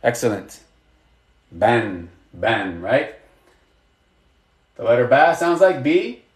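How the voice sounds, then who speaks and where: A man's voice: medium pitch, animated, takes it slowly, echoey room. A man teaching a live online lesson, patient and encouraging, asking students questions and praising their answers. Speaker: Arabic teacher.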